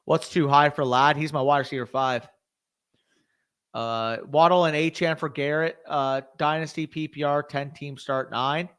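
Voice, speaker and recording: A man's voice: fairly high pitch, steady tone, moderate pace, fairly bright tone, smooth. A young man hosting a casual live stream, reacting to events and talking to his chat. He swears freely and gets worked up. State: tired, hiccuping.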